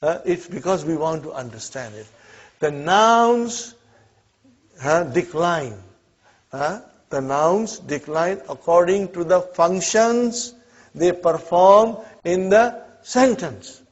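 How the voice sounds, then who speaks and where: Patient Arabic teacher, dull lo-fi recording. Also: male voice, sits high, animated. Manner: drills with repeated "huh?" and "okay?" checks; patient, encouraging, slows down for students. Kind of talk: classroom lesson.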